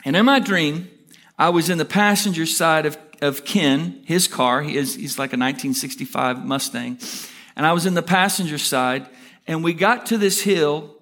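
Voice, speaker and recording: A man preaching a sermon as a pastor, telling stories in an energetic, hurried way and pushing his voice up for emphasis. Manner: energetic, rushing storyteller with rising emphatic pitch.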